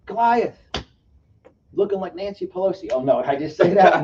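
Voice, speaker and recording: A man talks at a rapid clip as a fired-up motivational guest, preaching his points and lurching between loud bursts and hushed asides. He sounds set back from the mic, with a dull, muffled tone and faint ambience behind him. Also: fairly high pitch, very animated, far from the mic. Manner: emphatic and preachy, with sudden swings between loud and soft. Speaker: guest, motivational speaker and author. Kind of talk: fired-up motivational interview talk.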